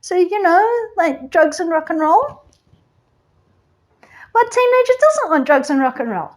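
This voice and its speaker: A woman's voice: very high-pitched, sing-song, a little slow, heavily acted. A woman playing a flippant, gossipy goddess queen of the underworld in a chatty comic monologue full of "like" and "you know".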